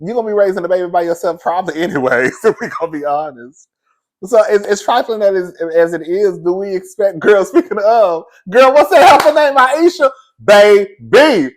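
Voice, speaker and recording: A man's voice: high voice, a bit bright. Laughing, chatty gossip host, a man. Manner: chatty, laughing often, calls listeners girl and baby. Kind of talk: casual gossip commentary.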